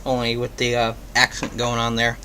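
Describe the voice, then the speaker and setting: A man at a middle pitch gives a loose, casual review. He rambles and fills pauses with ums and uhs, and a faint hiss sits under his voice. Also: monotone, sharp tone. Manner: rambling, filler-heavy, offhand. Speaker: product reviewer.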